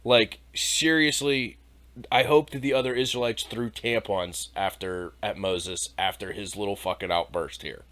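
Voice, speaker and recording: A man's voice: on the low side, steady tone, measured pace, pushed and bright. A man hosting an irreverent comedy podcast, reading Bible passages aloud and mocking them with profanity, sarcasm and laughter. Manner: profane, sarcastic, laughs at his own jokes; reads scripture aloud then mocks it. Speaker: podcast host.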